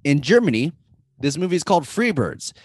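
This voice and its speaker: A man's voice: fairly high pitch, sing-song, brisk, breathy edge, dry recording. A man co-hosting a casual podcast chat. He reads out foreign titles playfully and stumbles over the words. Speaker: podcast co-host.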